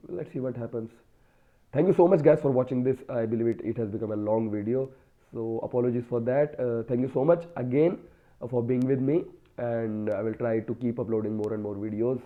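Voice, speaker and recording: A man with an Indian English accent who has a cold, talking casually and hesitantly to his phone, with many fillers. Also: medium pitch. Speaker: vlogger practicing spoken English. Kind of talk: casual solo talk to camera. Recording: tinny phone-like sound.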